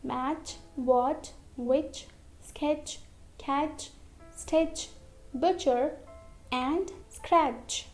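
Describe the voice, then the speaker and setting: A woman's voice: high-pitched, drawn-out words, faint music behind. A woman teaching English pronunciation, saying example words twice and checking in with "okay?" after each point. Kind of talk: slow pronunciation lesson.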